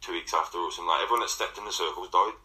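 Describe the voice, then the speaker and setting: A man with a Midlands English accent, telling an animated ghost story in casual chat, acting out other people's voices. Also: low voice, rapid-fire, rough recording. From England. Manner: animated, acts out voices and swears. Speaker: interviewee.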